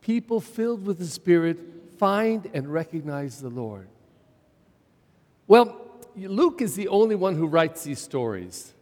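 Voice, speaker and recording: A man's voice: on the high side, very animated, a little slow, darkish tone. A middle-aged male pastor preaching a sermon in a church, repeating phrases for emphasis and asking the congregation rhetorical questions. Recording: church sermon with long reverb.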